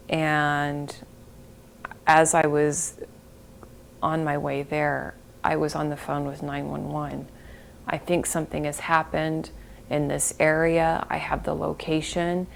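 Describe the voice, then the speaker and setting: Slow, gravelly-voiced woman, low and halting. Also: flat delivery, a little hiss or hum. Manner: halting, breaks off and restarts, sometimes drops to a whisper. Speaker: interviewee, bereaved mother. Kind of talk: emotional interview recollection.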